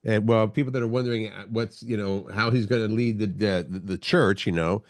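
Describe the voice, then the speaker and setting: A man's voice: lowish voice, fairly quick, dry recording. A middle-aged man co-hosting a morning show, chatting casually and chuckling through the banter. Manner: easygoing, chuckling, banter-driven. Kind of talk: casual chat.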